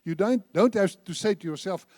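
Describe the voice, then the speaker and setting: Man, sermon, high-pitched, slow and emphatic, repeats phrases, leads group recitation, dry close sound. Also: darkish tone, no echo. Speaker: church speaker. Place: church.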